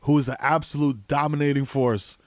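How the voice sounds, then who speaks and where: A man's voice: medium pitch, fairly even intonation, a little fast, dry recording. A man co-hosting a podcast from home, riffing loosely in slang and laughing often through casual comedic banter. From the Bronx, New York. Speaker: podcast co-host.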